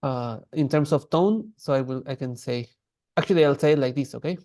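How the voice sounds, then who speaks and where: Gravelly casual male language teacher. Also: medium pitch, fairly quick, mellow, no echo. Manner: casual, many restarts, demonstrates sounds. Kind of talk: online class lecture.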